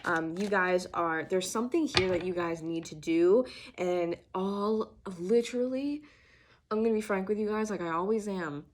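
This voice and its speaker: A young adult woman, a tarot reader, delivers an earnest, emphatic channeled reading full of restarts and fillers, growing emotional as she goes. Her voice is mid-range and her speed is normal.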